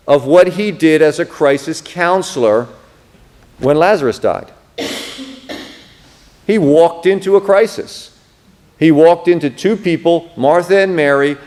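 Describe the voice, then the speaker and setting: A man's voice: on the high side, a little mellow. A man, a pastor teaching a Bible class in a conversational lecture, who acts out the words he quotes with expression and drops casual asides. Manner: casual, asides like "you know what I mean".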